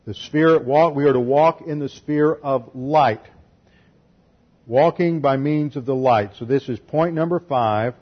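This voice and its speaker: A man's voice: medium pitch, measured pace, muffled recording. A man preaching an expository sermon, teaching methodically through numbered points and scripture. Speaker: pastor.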